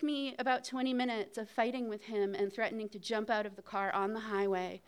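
A woman's voice: fairly high pitch, steady tone, brisk, hardly any pauses, clear, resonant tone. Candid woman telling a story on stage. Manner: candid, conversational, with fillers and nervous laughs. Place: theater stage.

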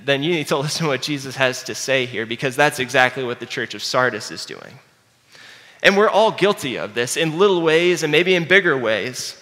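A man preaching a sermon earnestly, dropping low and quiet to stress his key points. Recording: long hall reverb.

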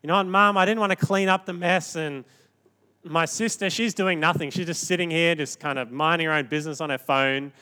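A man's voice: a little high, steady tone, fairly quick, pushed and bright, clear, resonant tone, pitched above the performer's own voice. A man preacher voicing a frazzled, exasperated woman who complains that her sister leaves her all the work. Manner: pleading, indignant, raised voice.

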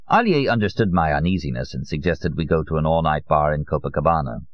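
A man reads a novel aloud in a very deep voice with lively, expressive ups and downs. The recording is close and dry, with a slightly muffled, dull tone. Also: fast talker, hardly any pauses, dry recording. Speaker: audiobook narrator. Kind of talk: audiobook narration.

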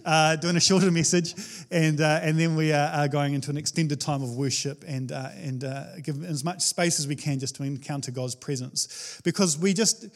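Chatty animated pastor, high voice. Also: male voice, normal speed. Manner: animated, chatty, frequent fillers and restarts. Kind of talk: casual conversational sermon. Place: church.

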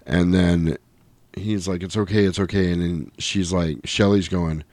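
A middle-aged man co-hosts a podcast, giving a rambling, casual recap of a film and acting out lines in different voices. His voice sits low, with a steady, unhurried delivery and a slightly mellow quality. The recording is dry.

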